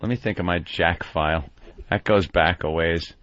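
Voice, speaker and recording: A man's voice: low-pitched, moderate pace, fairly bright tone, no room sound. A man hosting a radio talk show, teasing and incredulous in casual banter. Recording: dull lo-fi radio recording with faint noise.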